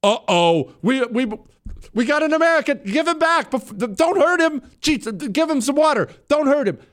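A man voicing panicky male militant captors in a high, frantic, hurried voice. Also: smooth, lightly acted. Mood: panicked.

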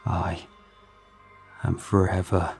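A monstrous creature drawls slowly in a Texas accent, every word unhurried and threatening, as a male narrator puts him on. The voice sits low and dark. Soft music plays underneath the storytelling. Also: level tone, gravelly, full character voice. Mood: menacing. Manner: slow, drawling, menacing.

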